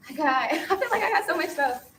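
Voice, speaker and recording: A woman vlogging casually about her purchases at home, saying y'all and sounding relaxed. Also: high voice, fast, creaky, a little hiss or hum, rough recording. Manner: relaxed, says y'all, excited. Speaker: vlogger, teacher.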